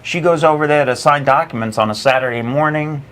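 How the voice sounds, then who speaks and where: A man's voice: on the high side, brisk, a bit bright. A man co-hosting a casual podcast, giving conversational advice and often checking in with "right?". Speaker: podcast co-host. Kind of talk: casual chat.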